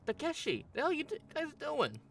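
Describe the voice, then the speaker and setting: A man voicing a brash, rough-talking teenage boy with a put-on drawl while reading a game's dialogue. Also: extremely high pitch, huge pitch swings, fairly quick, faint music behind, voice pushed up, heavily acted. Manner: slangy, drawling put-on accent. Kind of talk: game voice-over reading.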